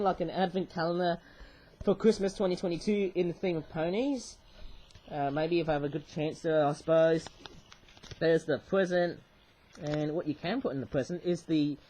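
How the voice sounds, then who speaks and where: Man, british accent, raised pitch, cold and sore throat, rambling toy-review chat, faint noise behind. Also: darkish tone, rough recording. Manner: rambling, chatty, many fillers and tag "eh?". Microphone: webcam.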